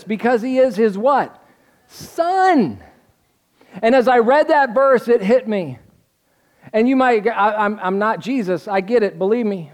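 A male pastor with a fairly high voice delivers a sermon in an easygoing, chatty manner. He talks with the congregation rather than at them, leaving questions hanging for them to answer. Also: darkish tone. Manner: conversational, asks the congregation questions to fill in.

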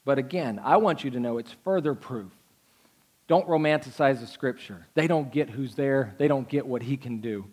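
A man preaching a sermon as pastor, animated and conversational, acting out quotes from the story. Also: medium pitch, normal speed, breathy edge.

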